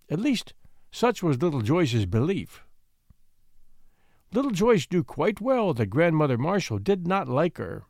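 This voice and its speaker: A man narrating a classic storybook in an expressive, gently measured way. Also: a little high, dry recording, studio quality.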